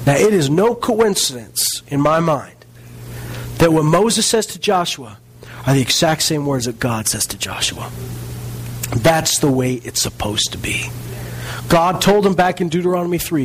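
A male preacher giving a sermon, reading scripture aloud and stressing key words with slow, dramatic pauses. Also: a little high, lively intonation, slight background noise, rough recording.

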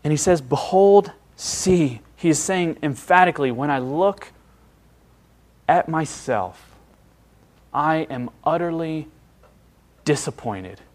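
A male preacher delivers a sermon in a slightly high voice. He speaks earnestly and with emphasis, pausing for effect and sinking to hushed tones on key phrases. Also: expressive. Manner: earnest, emphatic, with dramatic pauses and hushed drops.

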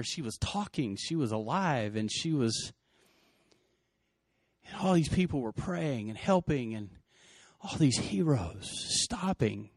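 A man's voice: mid-range voice, a little mellow, dry recording, clean studio sound. A middle-aged man earnestly retelling an emotional story, with many restarts. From West Texas. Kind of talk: personal storytelling.

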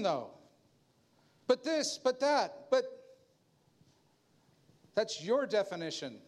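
A man's voice: slow, pauses often. A man preaching a sermon, talking straight to his congregation in a loose, conversational way and acting out the people he quotes. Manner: animated, jumps into a higher voice to act out quoted people; conversational preaching with asides and laughs. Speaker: pastor.

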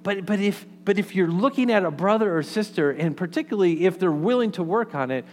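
Fairly high-voiced preacher man, hall echo. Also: expressive, a little fast, darkish tone, slight background noise. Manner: conversational, often checks in with "okay?" and "right?"; frequent restarts and repeated words. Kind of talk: sermon. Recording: long hall reverb.

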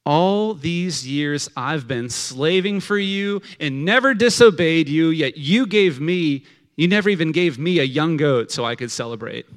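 Man doing resentful older son, bitter, indignant, louder delivery. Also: mid-range voice, gravelly, long reverb tail, exaggerated voice.

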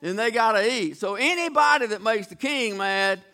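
A man's voice: high voice, moderate pace, pushed and bright. A man preaching a sermon, retelling Bible stories in a folksy, dramatic way with acted-out voices. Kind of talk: storytelling sermon.

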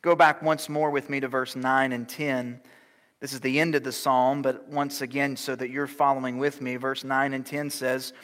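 A middle-aged man preaching a sermon as pastor, shifting from loud, urgent exhortation down to soft, near-whispered lines. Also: medium pitch, flat delivery, moderate pace. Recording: long hall reverb.

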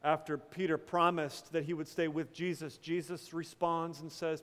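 A man, a pastor, preaching a sermon with dramatic pauses, dropping from loud to hushed and breaking into casual storytelling. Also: fairly high pitch, level tone. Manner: casual storytelling with quick asides. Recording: long hall reverb.

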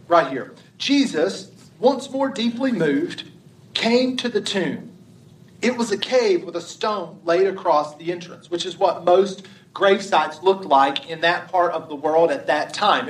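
Pastor, male, high voice, chatty sermon delivery, roomy sound from off-mic. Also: far from the mic. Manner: conversational preaching with repeated restarts.

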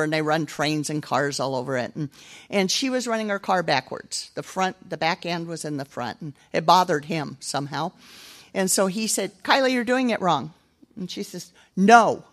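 An older woman giving a chatty, self-deprecating sermon, telling stories and teaching from scripture. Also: fairly low pitch. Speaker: speaker at a church gathering. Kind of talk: casual storytelling sermon.

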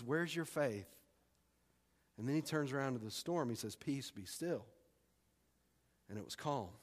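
A man preaching a sermon as pastor, emphatic, with dramatic pauses and repeated phrases. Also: fairly high pitch, big-room sound. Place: church sanctuary.

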